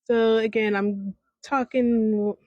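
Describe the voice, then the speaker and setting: A woman in her thirties riffs without a script, her thoughts tumbling out in loose, restarting sentences. She speaks at an unhurried pace into a close home microphone with a completely dry sound. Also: fairly high pitch, steady tone, no room sound, lo-fi sound. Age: 30s. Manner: rambling, stream-of-consciousness, frequent restarts. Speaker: podcast host. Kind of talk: unscripted casual commentary.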